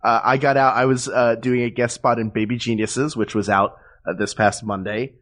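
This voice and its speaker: A man's voice: mid-range voice, steady tone, moderate pace, a bit bright. Guy co-hosting a podcast, goofy and rambly, chuckles a lot, normal middle voice. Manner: playful, rambling, chuckles through jokes. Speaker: podcast co-host. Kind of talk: casual chat.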